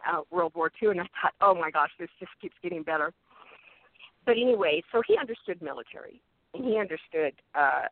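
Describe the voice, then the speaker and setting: A woman tells a story as a radio guest, animated and jumping in pitch to act out the people she quotes. Her voice comes through a thin, phone-like line. The sound is dry, with no room around it. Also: no room sound. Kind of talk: animated anecdote on talk radio.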